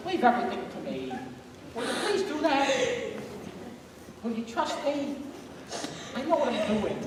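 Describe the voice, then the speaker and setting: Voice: medium pitch, very animated, unhurried. A student actor playing a bossy, sarcastic older married man who works as a caterer, in a live stage play. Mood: scolding. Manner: bickering, blustery, sarcastic. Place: school auditorium stage. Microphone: distant stage pickup. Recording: echoey hall from far off, noisy.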